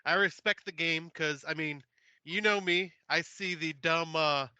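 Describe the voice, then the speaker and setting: A man co-hosts a movie podcast in a relaxed, agreeable way. His voice is a little high and very bright. It sounds dry and close, with no room around it. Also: unhurried, clear, resonant tone, no echo. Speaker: podcast co-host. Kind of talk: casual chat.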